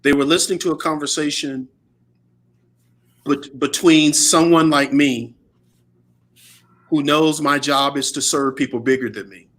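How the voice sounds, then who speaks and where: An older man, a pastor, talking in a slow, emphatic preaching way. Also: on the high side, fairly even intonation, a bit bright. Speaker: pastor and guest speaker. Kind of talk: preaching conversation.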